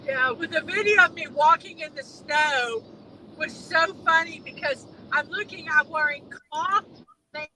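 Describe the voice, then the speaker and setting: High, lively woman, rambling casual chat, recorded in a car with clear road noise. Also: a little slow, low-quality recording. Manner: chatty, rambling, laughs easily. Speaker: co-host of a live driving stream.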